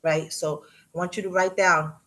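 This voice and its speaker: A woman in her fifties giving a motivational talk to a live audience, telling animated stories, acting out what people said and dropping in Spanish words. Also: on the low side, moderate pace. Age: 50s. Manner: animated storyteller, acts out quotes, mixes in Spanish. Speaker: real estate agent and motivational speaker.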